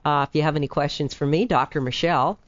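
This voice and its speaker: A woman's voice: sits low, fast. A woman hosting a radio talk show, playful and affirming with her guest. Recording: dry, dull lo-fi sound.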